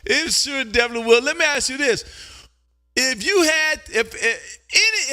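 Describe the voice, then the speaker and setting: A man from Texas hosting a live ham radio show. He talks loudly and excitedly, drawing out call signs as he reads them. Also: very high voice, moderate pace. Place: home radio room.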